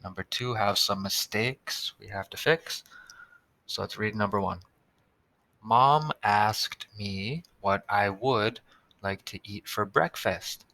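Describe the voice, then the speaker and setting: A man's voice: on the low side, takes it slowly, bright, forceful tone, dry recording. A man teaching a recorded tutorial for young students, patiently sounding out words and spelling them letter by letter.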